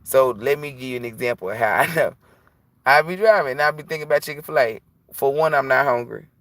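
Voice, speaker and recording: A man's voice: mid-range voice, brisk, fairly bright tone, no echo. A man who reads tarot, talking casually and bluntly on a livestream, preachy and profane. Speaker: tarot reader.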